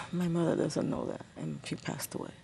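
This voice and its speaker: Woman, middle-aged, creaky voice, halting recollection, interview guest. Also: sits low, slight background noise. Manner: halting, repeating words as she recalls. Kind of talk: personal testimony interview.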